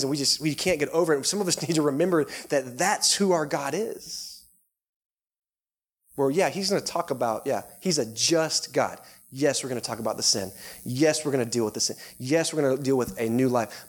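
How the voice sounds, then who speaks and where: A man with a Texan accent preaches to a church congregation. His delivery is casual and conversational, full of fillers and quick laughs, with a medium-pitched voice. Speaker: pastor. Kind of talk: sermon. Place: church sanctuary.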